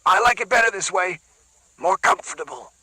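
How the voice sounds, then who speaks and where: High evasive drifter voice put on by a male reader, in a bright, dry audiobook read. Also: lively intonation, normal speed, husky, no room sound, full character voice, rough recording. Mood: weakly joking. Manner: loose, lazy, shrugging. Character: small white-haired male fugitive, weak and evasive.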